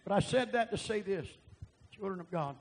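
A preacher with a high, husky voice, telling a testimony in a sermon. He is animated and breaks into loud, emphatic bursts as he tells it. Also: moderate pace, poor audio.

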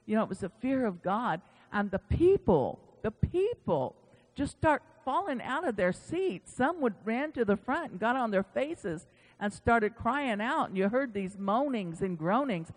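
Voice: mid-range voice, very animated, a little slow. A preacher giving a sermon in a church, animatedly retelling stories with quoted dialogue. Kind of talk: sermon storytelling. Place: church sanctuary. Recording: long church-hall reverb.

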